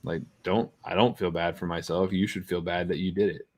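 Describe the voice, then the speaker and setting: A man's voice: deep voice, steady tone, a little fast. A middle-aged man chatting bluntly and emphatically on a live gaming stream, often repeating his words. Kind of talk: casual stream chat.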